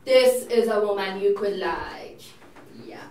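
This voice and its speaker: A woman's voice: medium pitch, expressive, takes it slowly, darkish tone, slight background noise. A woman playing a chatty, neurotic divorced older sister who rambles and frets in an audition monologue. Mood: fretful. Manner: rambling, self-absorbed and fretful. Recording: echoey room, mic from a distance.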